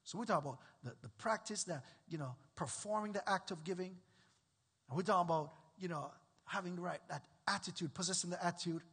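A male pastor preaching a sermon, animated and emphatic, with rising bursts of intensity. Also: high voice, brisk, breathy edge. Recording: echoey hall with long reverb.

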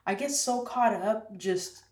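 Woman guest, animated storyteller, sits back from the mic in a roomy space. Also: mid-range voice, slow, far from the mic. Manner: animated, heavy use of "like". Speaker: guest artist. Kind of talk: casual storytelling in conversation.

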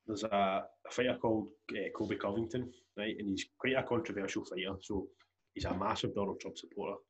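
A man's voice: fairly low pitch, steady tone, a little fast. A young Scottish man chatting casually as a podcast co-host, rambling and swearing freely. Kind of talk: casual chat.

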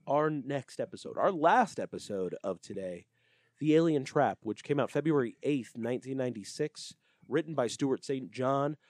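A man co-hosting a casual podcast, recapping a TV episode with jokes and quick character impressions. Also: mid-range voice, dry recording, studio quality. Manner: lively, joking, mimics characters. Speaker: podcast co-host.

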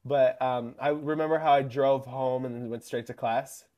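A man's voice: medium pitch, fairly even intonation, normal speed, darkish tone. Young man, podcast co-host, casual chat, giggly, mid-range voice. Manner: chatty and giggly, often laughing mid-sentence.

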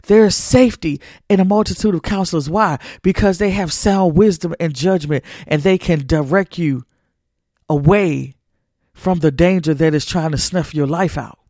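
A podcast host with a fairly high, darkish voice delivers a motivational faith talk at a moderate pace, exhorting listeners with repeated, folksy Southern-church phrases. The recording is clean studio sound with no room sound.

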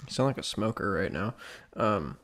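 A man's voice: on the low side, expressive, moderate pace, a bit bright. A young man co-hosting a podcast in casual chat, teasing and loose. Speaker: podcast co-host.

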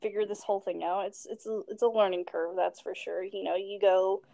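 The poor, dry recording captures a young Tennessee woman with a Southern American accent and a gravelly, dark, medium-pitched voice that stays level and brisk. She's a podcast co-host in casual chat, folksy and easygoing, quick to laugh.

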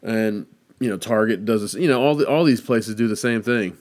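A man's voice: lowish voice, a little fast, darkish tone. A man hosting a podcast, talking in an easygoing way with many fillers. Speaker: podcast host. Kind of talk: casual chat.

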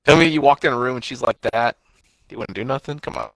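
A man's voice: medium pitch, expressive, fast, a bit bright, dry recording, rough recording. A young man co-hosting a casual chat, teasing and joking with his friend. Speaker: podcast co-host.

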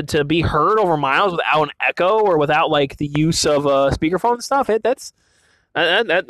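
A young man from the western US rambles casually on his own in a fairly high, bright, forceful voice, restarting often and filling gaps with fillers. The recording has no echo.

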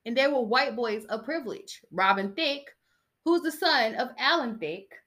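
Running her own podcast, a young woman speaks solo and casually, softly and without fuss, tossing in slangy, blunt opinions. She sounds animated and keeps a normal speed.

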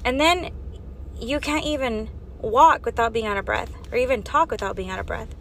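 A woman's voice: on the high side, normal speed, a little hiss or hum. A woman giving an earnest faith and health talk, exhorting her listeners with strings of rhetorical questions. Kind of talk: preaching monologue.

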